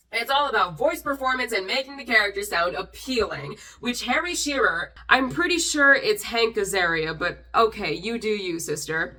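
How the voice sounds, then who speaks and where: Tipsy female vlogger, sarcastic and animated, reads comments aloud, a little off-mic. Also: medium pitch, recorded from a distance. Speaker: YouTuber reacting to comments. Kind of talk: casual vlog commentary.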